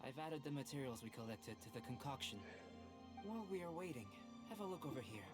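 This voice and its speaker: An actor playing a composed young male alchemist in a video game, speaking in a measured, precise way, with game music behind. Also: medium pitch, sing-song, close to an everyday voice. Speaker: game character.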